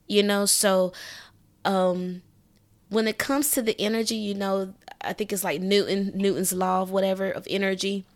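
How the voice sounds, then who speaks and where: Woman, podcast host, casual solo chat, emphatic, conversational, mid-range voice, animated reactions. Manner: conversational, emphatic, keeps asking "you know what I'm saying"; animated, raises pitch when acting out reactions.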